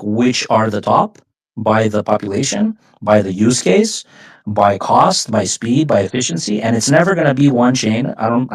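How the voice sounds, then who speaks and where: A man co-hosting a casual podcast, chatty and slangy, telling anecdotes in a relaxed way. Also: mid-range voice. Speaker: podcast co-host. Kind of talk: casual conversation.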